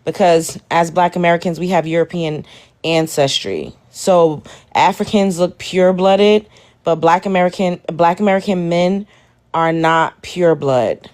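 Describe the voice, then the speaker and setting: An exasperated streamer reacts to a video and talks straight to her chat in casual commentary. Her voice is on the low side, a little mellow, and unhurried.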